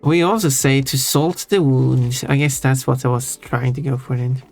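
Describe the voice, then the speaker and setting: A man's voice: medium pitch, steady tone, normal speed. A man streaming live, chatting casually and teasingly with his chat and chuckling often. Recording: faint music under voice. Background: soft background music.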